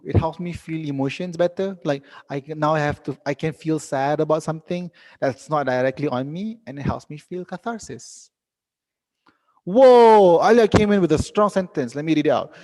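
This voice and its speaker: A young man teaching a live online English lesson, reading out students' sentences and correcting them gently. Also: on the high side, normal speed, big-room sound.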